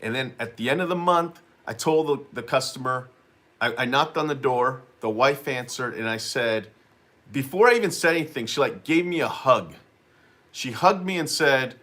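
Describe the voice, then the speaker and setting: A man's voice: medium pitch, animated, normal speed, pushed and bright. A man who runs a lawn care business, casually telling a story to camera, rambling and repeating himself with lots of "you know what I mean.".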